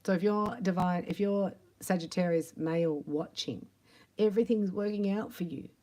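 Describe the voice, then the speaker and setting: A woman giving a tarot reading in a chatty, animated monologue, acting out imagined quotes and sometimes dropping to a soft whisper. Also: on the low side, normal speed. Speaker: tarot reader.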